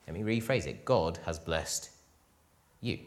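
A man preaching a sermon to a church congregation, swinging between loud emphatic lines and quiet ones. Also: sits low, lively intonation, measured pace.

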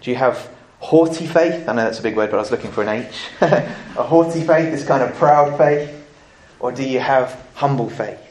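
A man's voice: mid-range voice, moderate pace, darkish tone, slight background noise. A man preaching a sermon to his congregation in an earnest manner, putting direct questions to his listeners. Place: church. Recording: echoey church hall.

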